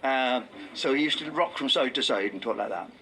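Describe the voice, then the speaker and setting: An older English comedian and game show host, telling wry anecdotes and dropping into low mock voices for punchlines. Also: male voice, a little fast, pushed and bright, a little hiss or hum, low-quality recording. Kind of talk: anecdotal stand-up and reminiscence.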